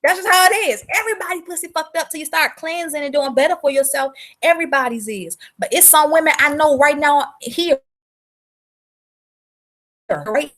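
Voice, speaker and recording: A woman's voice: sits high, moderate pace, fairly bright tone. A woman from South Carolina, hosting a casual livestream, talking bluntly and profanely and greeting viewers by name. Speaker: livestream host selling womb-care products.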